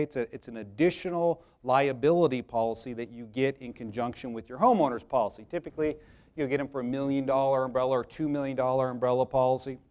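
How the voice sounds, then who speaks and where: A man's voice: medium pitch, a little mellow. A man presenting a live workshop, talking conversationally to the audience and telling jokey anecdotes about insurance. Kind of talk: live seminar talk with anecdotes.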